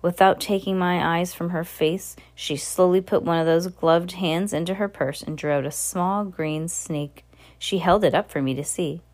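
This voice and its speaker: A woman's voice: fairly low pitch, steady tone, normal speed. A woman reading a children's novel aloud, earnest, stumbling and restarting now and then. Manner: earnest, with small slips and restarts. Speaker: reader.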